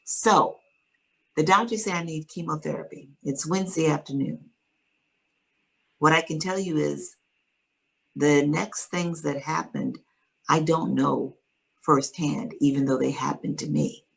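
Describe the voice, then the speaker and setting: Woman, low gravelly voice, earnest testimony in conversation, measured delivery. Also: poor audio. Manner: earnest, measured storytelling with pauses. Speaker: guest sharing her story.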